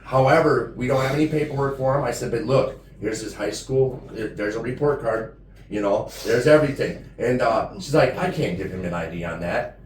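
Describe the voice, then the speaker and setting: A man's voice: mid-range voice, normal speed. Man, casual storyteller, profane, says dude a lot, echoey room, set back from the mic. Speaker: podcast co-host telling a story. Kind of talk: casual storytelling among friends. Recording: roomy echo, far from mic, faint background noise.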